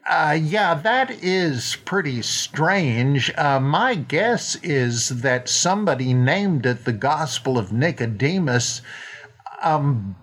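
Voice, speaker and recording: Older man, podcast host, listener Q&A, wry, self-deprecating, rambling, mid-pitched. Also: a bit bright. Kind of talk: casual scholarly podcast Q&A.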